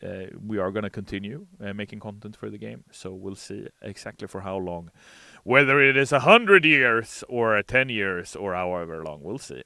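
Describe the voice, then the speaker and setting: A man in a sleepy, relaxed live-stream chat, answering viewers with many hesitations and reading their messages aloud. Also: on the low side, moderate pace, gravelly, no room sound. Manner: reads chat messages aloud in a brighter, louder voice; relaxed, hesitant with frequent uh fillers.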